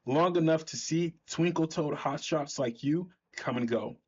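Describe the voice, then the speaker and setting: A man voicing a gruff, blunt veteran winged hero who talks down to a newcomer, on a slightly dull recording. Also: a little high, measured pace, a little mellow. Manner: curt, lecturing.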